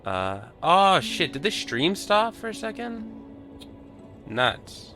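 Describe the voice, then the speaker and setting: A man's voice: sits high, sing-song, takes it slowly. A man streaming a game, chatting casually with wry, self-deprecating asides and reading the game text aloud. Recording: game music playing behind.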